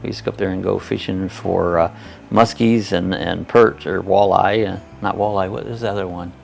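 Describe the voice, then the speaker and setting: A man's voice: deep voice, steady tone, normal speed, creaky, darkish tone, faint music behind. A man in his sixties rambling folksy and self-deprecating, hosting a casual live chat while reading out viewer comments.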